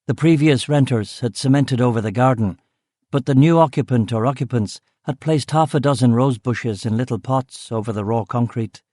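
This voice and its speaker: A man narrating a first-person crime novel audiobook in a measured, steady, low-key way. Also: dry recording, clean studio sound.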